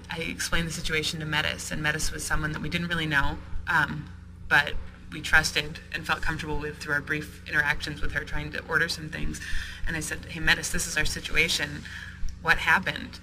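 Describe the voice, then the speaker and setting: A man, a shop owner being interviewed, recounting events in a halting way with many ums and restarts. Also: fairly high pitch, bright, forceful tone. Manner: storytelling with frequent ums and restarts. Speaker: sex toy store owner. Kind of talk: interview storytelling. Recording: noisy podcast recording.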